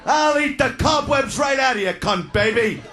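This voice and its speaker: A man doing crude, loud stand-up comedy, shouting his punchlines. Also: extremely high pitch, lively intonation, normal speed, faint music behind. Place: comedy stage before a live audience.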